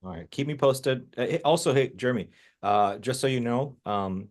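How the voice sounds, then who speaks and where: A man coaching a client on a video call, talking directly and repeating his points so they are clear. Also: medium pitch, normal speed. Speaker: business coach.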